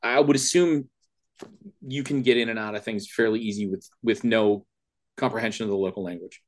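A man with a flat Midwestern accent, a podcast guest who talks loudly and casually, often restarting his questions mid-sentence. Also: on the low side. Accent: flat Midwestern American. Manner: loud, halting, restarts questions. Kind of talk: casual conversation.

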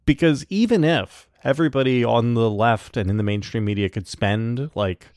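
A man's voice: medium pitch, moderate pace, a little mellow, no room sound, clean studio sound. A man co-hosting a podcast in casual political chat, wry and emphatic, building his points aloud. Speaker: podcast co-host.

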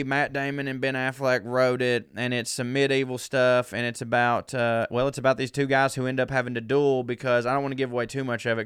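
A man's voice: mid-range voice, fairly bright tone, clear, resonant tone, no echo, studio quality. A man from the South, hosting his podcast in a rambling, self-deprecating casual monologue and swearing freely. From American South. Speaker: podcast host.

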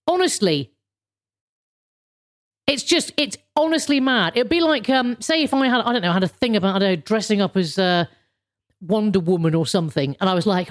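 A woman's voice: medium pitch, lively intonation, moderate pace. Woman on a rant, sweary, sarcastic, keeps tripping over her words. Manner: rambling, sweary and sarcastic, with frequent restarts. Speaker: vlogger. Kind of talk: casual ranting monologue.

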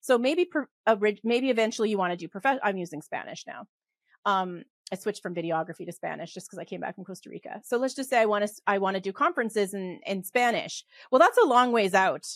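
Fast-talking Western Canadian woman, dry sound. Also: medium pitch, no echo. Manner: fast, animated, laughs often, many restarts. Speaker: podcast guest. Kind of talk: casual interview talk.

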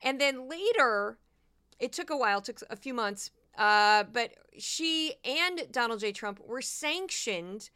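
A woman hosting a casual commentary podcast, chatty and prone to quick asides and repeated words. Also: on the high side, animated, pushed and bright, smooth. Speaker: podcast host.

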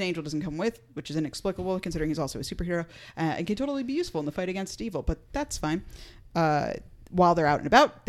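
A woman's voice: fairly low pitch, darkish tone. A woman hosting a casual podcast, recapping an episode with playful asides. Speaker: podcast host.

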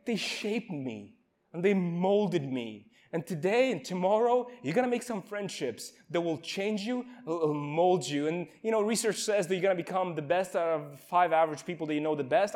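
A young man giving an emotional, earnest informal sermon at a youth camp, with halting restarts. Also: high-pitched, a little mellow.

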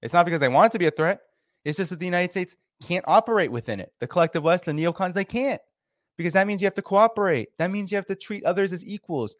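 A man's voice: high voice, lively intonation, fast talker, no echo, studio quality. A man hosting a solo political commentary, talking in an impassioned, repetitive way with many fillers.

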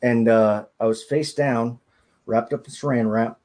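A man, a podcast guest, recounting a personal ordeal in a halting, hesitant way, often restarting his sentences. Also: medium pitch, fairly even intonation, a little mellow. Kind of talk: personal storytelling in an interview.

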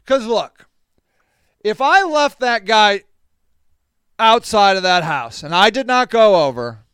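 A man's voice: sits high, slow, clean tone, no echo, clean studio sound. A man hosting a podcast, telling stories in a casual monologue, acting out other people's lines and laughing often. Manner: animated, acts out quoted voices, laughs often. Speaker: podcast host.

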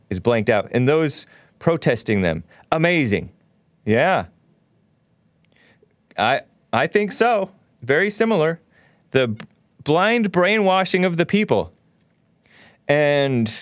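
A man's voice: on the high side, dry recording, clean studio sound. A male talk show host delivering an opinionated monologue in a scornful, ranting way, with mocking laughs.

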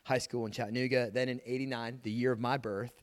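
Fast-talking man in his thirties. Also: mid-range voice, flat delivery. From New Jersey. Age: 30s. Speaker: podcast host. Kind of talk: interview questions and anecdotes.

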